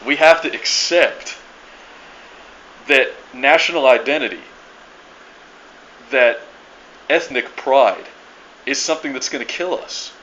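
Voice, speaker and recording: A man's voice: medium pitch, lively intonation, takes it slowly, pauses often, pushed and bright, lo-fi sound, a little hiss or hum. A man ranting to his viewers in a profane, rambling monologue, full of restarts and stammered repeats. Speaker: video blogger ranting to viewers.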